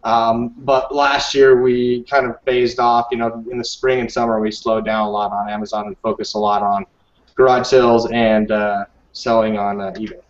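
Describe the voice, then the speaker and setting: A man's voice: mid-range voice, flat delivery, normal speed, lo-fi sound. Hesitant man, distant and roomy on a call. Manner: hesitant, many ums and uhs. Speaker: guest. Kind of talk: live-stream interview answers.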